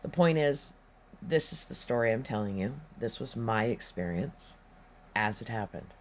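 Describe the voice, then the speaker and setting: A man's voice: mid-range voice, animated, moderate pace, slight background noise. A man telling a personal story in a rambling, profane, emphatic way, with casual spoken delivery. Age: adult, past his teens.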